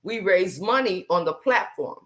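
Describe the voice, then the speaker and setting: A woman's voice: on the low side, animated, moderate pace, fairly bright tone. A woman hosting a livestream, talking emphatically and calling her viewers y'all. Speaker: livestream host. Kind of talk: casual livestream talk.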